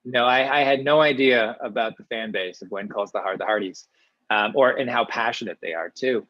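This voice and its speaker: A man from small-town Ontario, Canada, an actor chatting in a casual interview, talking in a lively, rambling way with many restarts. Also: medium pitch, no room sound. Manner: chatty, animated, many restarts, quick asides. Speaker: actor guest. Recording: dull, dry lo-fi sound.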